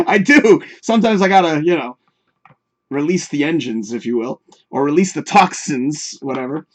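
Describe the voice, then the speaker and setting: On the high side and expressive, his voice moves at a moderate pace. As host of a livestream show, he chats casually and profanely, laughs often, and reads viewers' comments aloud with tongue-in-cheek advice.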